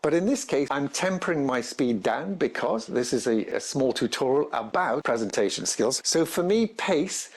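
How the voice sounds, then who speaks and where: A man giving a presentation skills tutorial in an energetic, emphatic way, stressing each point in his lists. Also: mid-range voice, normal speed, few pauses, slightly rough.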